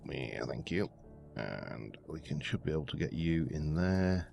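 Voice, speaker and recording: Very deep, gravelly man. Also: animated, a little slow, a little mellow. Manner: rambling, muttering while counting items. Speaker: let's play host. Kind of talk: casual gameplay commentary. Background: faint background music.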